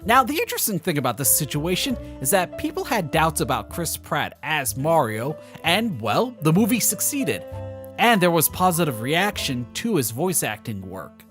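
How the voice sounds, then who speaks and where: Sarcastic male commentary narrator, lively pitch. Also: normal speed, faint music behind. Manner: sarcastic, mocking asides. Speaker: video commentator.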